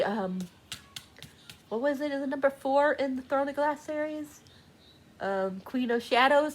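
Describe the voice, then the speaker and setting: A woman chatting casually in a book vlog, gushing and excitable, laughing often, talking from a room at home. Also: fairly high pitch. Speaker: book vlogger. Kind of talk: casual reading vlog chat. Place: home room with door open.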